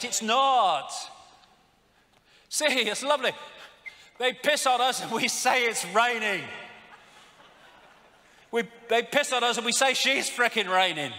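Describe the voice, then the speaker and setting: A man giving an animated, sarcastic live lecture with slides, swearing often. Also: very high voice, big-room sound. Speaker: public speaker.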